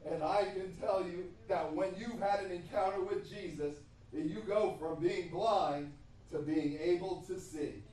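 A man's voice: high voice, a little slow, darkish tone, a little hiss or hum. A man preaching a sermon, with emphatic repetition and frequent hesitations. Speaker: pastor. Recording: echoey room from far off.

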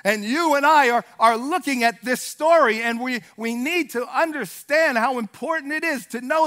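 A man delivers a fervent sermon, his voice pitched very high. He shouts out his peaks and slips into acting out the Bible figures he tells about. His tone rings bright and forceful throughout. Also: normal speed, few pauses. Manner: fervent, animated preaching with shouted peaks and acted-out Bible dialogue. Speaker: preacher.

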